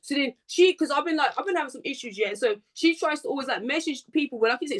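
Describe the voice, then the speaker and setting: A woman in a casual podcast conversation, her voice high and her words tumbling out fast. She rambles through a heated, profane story, full of fillers and restarts. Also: expressive. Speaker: guest.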